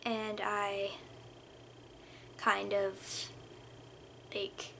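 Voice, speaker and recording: A woman's voice: medium pitch, completely flat delivery, very slow, creaky, fairly bright tone, a little hiss or hum. A young woman telling a storytime vlog in a rambling, casual way, full of "like" and dropping into whispers. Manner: rambling, lots of "like" fillers, drops to whispers. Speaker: vlogger.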